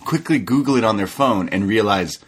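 A man co-hosting a casual chat, talking as a relaxed and enthusiastic wrestling fan. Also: lowish voice, a little fast, breathy edge. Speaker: co-host.

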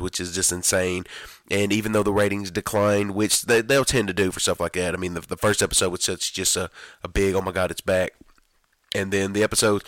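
A very deep-voiced man talks through a loose podcast monologue, his throat hoarse and raspy from a failing voice. He rambles with lots of fillers and restarts, poking fun at himself, and the dry, close sound carries no room echo. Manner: rambling, self-deprecating, many fillers and restarts. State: hoarse, voice going out. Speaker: podcast host.

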